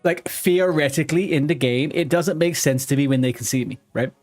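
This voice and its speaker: A man's voice: fairly high pitch, brisk, darkish tone, faint music behind. A man streaming a game live, talking to himself and his viewers as he plays, with frequent swearing. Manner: mutters to himself, swears when frustrated. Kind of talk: live gameplay commentary.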